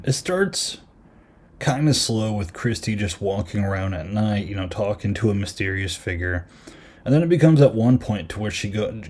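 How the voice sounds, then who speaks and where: A man's voice: lowish voice, a little mellow. A man hosting a podcast, giving a casual, rambling film review full of fillers and retold lines. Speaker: podcast host.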